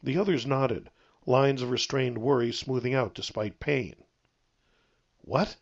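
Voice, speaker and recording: Male author-narrator, steady storybook read, gravelly tone, muffled recording. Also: medium pitch, normal speed. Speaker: author reading his own novel.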